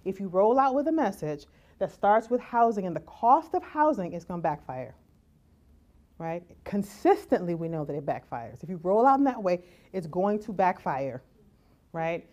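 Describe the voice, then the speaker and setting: Animated woman giving a conference talk. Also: lowish voice, moderate pace. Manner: animated, acts out quoted voices, rhetorical "right?". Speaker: keynote speaker.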